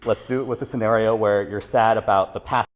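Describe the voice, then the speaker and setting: Woman putting on a booming deep acting coach. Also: steady tone, brisk, long reverb tail. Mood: directing.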